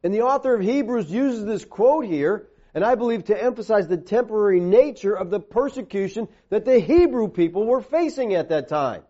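This sermon comes from a man whose voice sits high but sounds mellow and dark, and he stresses important words with emphasis and expression. Scripture quotations arrive slower and deeper. The audio is lo-fi and dull.

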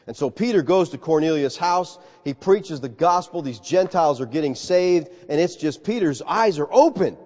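A man preaching a sermon in an animated, conversational way, calling his listeners folks. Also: fairly high pitch, moderate pace, few pauses. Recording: reverberant hall, slightly dull sound.

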